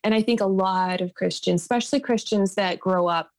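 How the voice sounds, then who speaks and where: A woman's voice: mid-range voice, brisk, dry recording. A woman with a mid-range voice shares an emotional personal faith testimony as a podcast guest. She speaks earnestly and restarts her sentences. The recording is dry and close. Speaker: podcast guest, bereaved mother.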